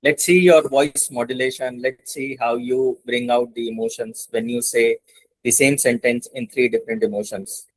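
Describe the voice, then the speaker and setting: A man's voice: mid-range voice, steady tone, moderate pace, no room sound, poor audio. A man with an Indian English accent leads a class over a video call. His voice sits mid-range, in a dry, close setting. He explains patiently and circles back to stress each point. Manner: instructive, repeats points for emphasis. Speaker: internship instructor. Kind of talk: online class teaching.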